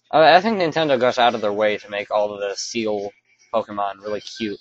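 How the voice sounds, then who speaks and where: A man's voice: fairly low pitch, fairly quick, dull audio, slight background noise. A man giving casual, rambling commentary over his own gameplay, often stopping to correct himself. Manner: rambling, self-correcting, offhand. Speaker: let's play commentator.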